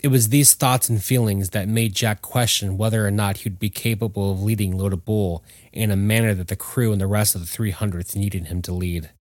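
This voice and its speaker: A man narrating a story in a measured, steady audiobook style. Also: fairly low pitch, no room sound, studio quality.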